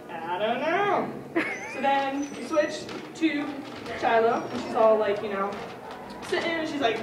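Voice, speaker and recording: Giggly rambling woman, high lively voice, far mic, echoey room, crowd chatter. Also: a little slow, noisy background. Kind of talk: casual comic plot retelling.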